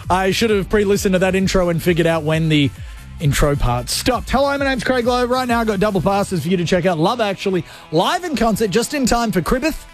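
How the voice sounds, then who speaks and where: A man's voice: high voice, big pitch swings, normal speed, faint music behind. A man hosting a radio show, playful and jokey as he chats to listeners from his studio. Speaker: radio host. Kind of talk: energetic radio banter.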